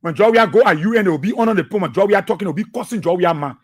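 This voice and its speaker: A man's voice: high-pitched, racing, breathy edge. A man with a Liberian English accent hosting a political radio talk show, laughing often and mocking his rivals, repeating phrases for effect.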